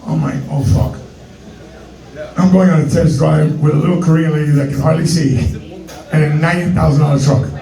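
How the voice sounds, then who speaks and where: A man's voice: a little high, fairly even intonation, fast, gravelly, warm tone, reverberant, far from the mic, low-quality recording. A man from New York doing a brash, profane stand-up routine full of street slang and put-on voices. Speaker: stand-up comedian. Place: comedy club stage.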